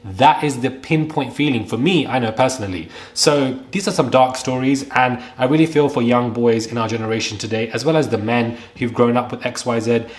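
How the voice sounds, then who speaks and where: A young man in his twenties talks straight to camera in an earnest, halting way, often circling back over his words. He sounds close to tears throughout. His voice sits at an ordinary middle pitch for a man. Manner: earnest, halting, repeats himself. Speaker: vlogger. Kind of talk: emotional to-camera commentary.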